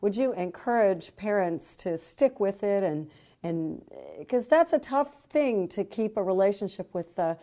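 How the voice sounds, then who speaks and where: A woman's voice: medium pitch, lively intonation, unhurried, dark tone. A woman interviewing guests, asking hesitant questions full of fillers.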